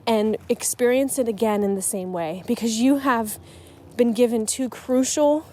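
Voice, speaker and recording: Mellow-voiced chatty woman podcaster. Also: on the high side, moderate pace. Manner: chatty and emotional, with frequent restarts. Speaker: podcast host on writing. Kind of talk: casual solo podcast talk.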